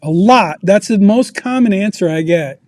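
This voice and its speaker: High-voiced man teaching finance with questions. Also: expressive, normal speed, darkish tone, no room sound. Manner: asks the audience questions, storytelling. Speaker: personal finance presenter. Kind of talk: interactive teaching talk. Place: video meeting.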